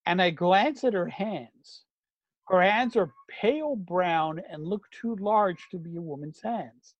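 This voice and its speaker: Middle-aged man, high-pitched anecdote teller, animated, dry close recording. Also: takes it slowly, dry recording, highs cut off. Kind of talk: casual storytelling.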